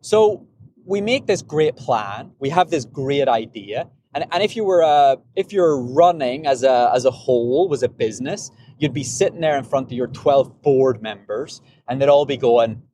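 A man's voice: medium pitch, animated, normal speed, dark tone, a little hiss or hum. A man hosting a podcast in a casual, rambling monologue about running, often repeating and restarting words. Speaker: podcast host, runner.

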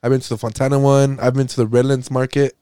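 A man's voice: medium pitch, flat delivery, fast talker, dark tone, clean tone, dry recording. A young man co-hosting a podcast, chatting casually, teasing and laughing a lot with some swearing. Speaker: podcast co-host. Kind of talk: casual chat.

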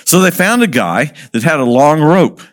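A man working as a missionary speaker tells a story to an audience, lively, asking questions and chuckling as he goes. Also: fairly high pitch, moderate pace.

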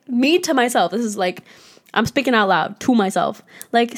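A woman's voice: a little high, animated, normal speed. A young adult woman hosting a casual solo podcast, talking candidly and reflectively, swearing freely as she encourages herself and her listeners. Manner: candid and heavily profane. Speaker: podcast host.

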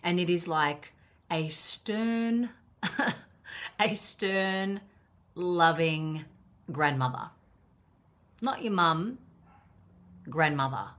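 A woman's voice: deep voice, a bit bright. A woman with an Australian accent, a coach talking candidly in a casual monologue, swearing freely and laughing at herself. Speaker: life coach.

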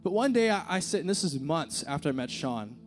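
A young man preaches into a handheld mic at a church service, his voice sitting a little high for a man. He talks casually and earnestly, leaning on fillers and slang as he tells his story, and soft music plays faintly behind him. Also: sing-song, brisk. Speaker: youth speaker. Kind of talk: informal sermon with a personal story. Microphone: handheld microphone.

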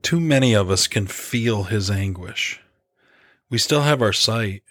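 A man narrating a devotional story in an earnest, reflective, measured way. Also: lowish voice, fairly bright tone, no echo, studio quality. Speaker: preacher.

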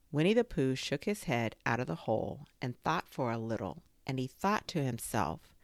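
A woman reading a children's storybook aloud, with a gentle, expressive delivery. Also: extremely low pitch, normal speed, hardly any pauses, no room sound, clean studio sound.

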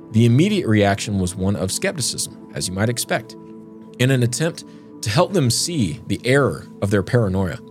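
A man's voice: fairly low pitch, darkish tone. A man co-hosting a podcast, reading a scripted eerie story and then chatting and joking with his co-host. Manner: dramatic storytelling, joking banter. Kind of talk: scripted narration then casual chat.

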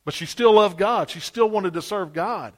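A man with a high voice preaches a sermon. He tells his story with lively swings, dropping to hushed asides and then rising into loud exclamations. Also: normal speed.

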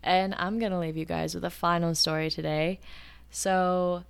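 A woman in her twenties hosting a podcast, telling stories in a casual, animated way and acting out the quotes. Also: on the low side, normal speed, creaky, clear, resonant tone. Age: 20s. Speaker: podcast host. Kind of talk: casual storytelling.

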